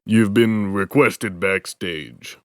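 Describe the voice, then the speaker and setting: A man voicing a sultry, deep-voiced male security guard with a put-on Southern drawl, delivering lines stiffly as if reading a script, in a comedic fanfiction reading. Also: slow, clean tone, dry recording, clean studio sound.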